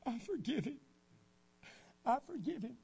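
A man acting out a remorseful teenage boy, praying aloud at the altar in a loud, pleading, fervent way. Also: very high-pitched, sing-song, a little slow, vocal fry, slightly rough, pitched above the performer's own voice, exaggerated voice.

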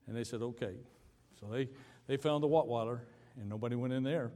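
A male pastor telling a story in a sermon, acting out both sides of a conversation with sudden leaps in pitch. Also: brisk. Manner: animated storyteller, acting out dialogue with big pitch jumps. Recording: hall reverb.

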